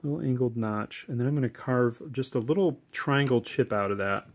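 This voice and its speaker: Laid-back guy explaining a carving project, medium pitch, lots of ums and uhs. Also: moderate pace. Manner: relaxed, chatty, corny jokes, many fillers. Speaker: woodcarving instructor. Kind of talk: casual step-by-step tutorial.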